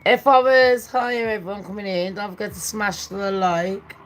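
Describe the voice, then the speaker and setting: A woman's voice: mid-range voice, steady tone, moderate pace. Foul-mouthed woman ranting at chat. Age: 40s. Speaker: livestream host. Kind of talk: live-stream rant and true-crime chat.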